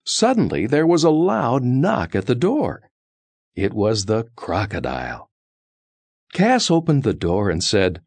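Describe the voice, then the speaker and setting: A man reading a children's story aloud in a slow, expressive, sing-song way. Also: mid-range voice, husky, dry recording.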